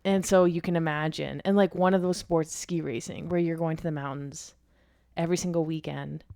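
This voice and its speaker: A woman hosting a podcast, chatting candidly and poking fun at herself, often trailing off quietly. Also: low voice, steady tone, fairly quick, creaky, no room sound, clean studio sound. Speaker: podcast host. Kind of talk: casual chat.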